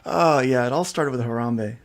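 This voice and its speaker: A man's voice: medium pitch, moderate pace, creaky. A man hosting a casual podcast, reading comic news headlines aloud and joking about them. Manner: reads headlines, then jokes. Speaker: podcast host. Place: studio.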